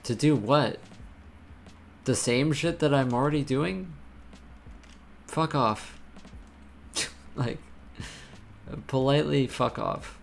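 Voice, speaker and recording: A man's voice: mid-range voice, takes it slowly, creaky, pauses often, slight background noise. A man live-streaming while programming, chatting casually and ranting with lots of swearing and filler words.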